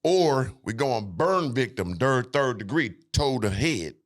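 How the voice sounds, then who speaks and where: A man's voice: medium pitch, sing-song, slow. A young man, hosting a crude, joking podcast chat. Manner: joking, profane, puts on silly voices. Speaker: podcast host. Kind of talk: crude casual banter.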